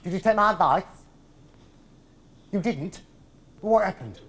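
A man's voice: high voice, lively intonation, a little slow, fairly bright tone. A man on a theatre stage impersonating a camp, drawling older male comedian, telling stories in a live one-man show. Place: large theatre, live audience.

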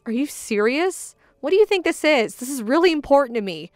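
A woman voicing a hurt, firm young bride-to-be who speaks in a measured, indignant tone. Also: high voice, sing-song, dry recording, studio quality, faint music behind. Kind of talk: dramatized story voice acting.

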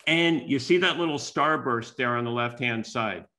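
An older man from the United States delivers a talk as a string of personal stories. His voice is bright and forward, and he acts out the quoted dialogue as he goes. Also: mid-range voice, moderate pace. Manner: animated storyteller acting out quoted dialogue. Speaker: keynote speaker and business school teacher. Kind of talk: storytelling talk.

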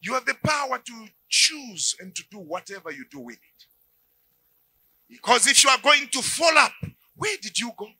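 High-voiced animated preacher. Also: male voice, normal speed, breathy edge, dry recording, low-quality recording. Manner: animated, acts out dialogues, shouts at peaks. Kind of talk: sermon.

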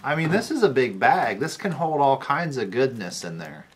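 A man's voice: medium pitch, very animated, moderate pace, slight background noise. A man co-hosting a casual needlework chat show, laughing easily and showing off items to the camera. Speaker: co-host.

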